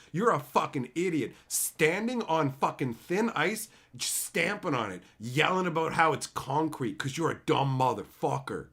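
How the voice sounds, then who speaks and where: A man's voice: medium pitch, a bit bright. A man hosting a live stream, ranting casually and sarcastically with plenty of profanity while reading out chat messages. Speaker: livestream host reading chat.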